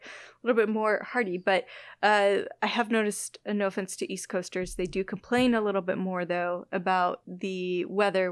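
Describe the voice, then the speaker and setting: A woman's voice: mid-range voice, clear, resonant tone, no room sound. A talkative woman from the American Midwest, sounding like she is in her thirties. She chats casually and laughs easily. Her voice is recorded close and dry, with no room around it. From Midwest US, Illinois-Wisconsin border. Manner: chatty, laughs often, self-deprecating. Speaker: guest scientist. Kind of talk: casual conversation.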